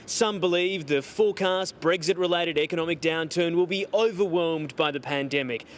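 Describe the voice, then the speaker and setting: A man narrates a news report from abroad, and he leans on words with deliberate emphasis. His voice sits slightly high for a man. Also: a little hiss or hum. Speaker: foreign correspondent.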